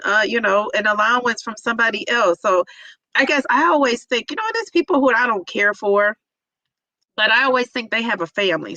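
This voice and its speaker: A woman's voice: a little high, sharp tone, no room sound, low-quality recording. A middle-aged woman livestreaming, chatting emotionally and tearfully with viewers while reading the chat, with lots of fillers. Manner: emotional, teary, many fillers. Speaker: vlogger reading live chat.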